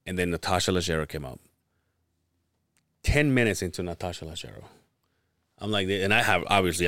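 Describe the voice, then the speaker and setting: A man's voice: low voice, no room sound, studio quality. A man on a podcast telling a story in casual chat, swearing freely and acting out what people said. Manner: animated, profane, acts out quotes. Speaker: podcast host.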